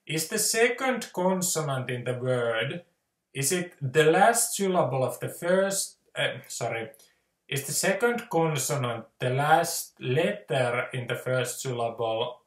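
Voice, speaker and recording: Slow, hesitant Finnish man. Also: medium pitch, expressive, roomy sound. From Finland. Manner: hesitant, many fillers, explanatory. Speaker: language teacher. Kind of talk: casual spoken lesson.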